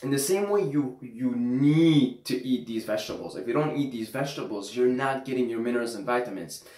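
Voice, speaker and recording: A man at a middle pitch speaks loosely to his viewers, leaning hard on certain words and repeating himself for effect. He swears casually now and then. The room around him gives the voice a noticeable echo. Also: brisk, a little mellow. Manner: loose, emphatic, swears freely, repeats phrases. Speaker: vlogger. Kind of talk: casual monologue to camera. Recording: roomy echo.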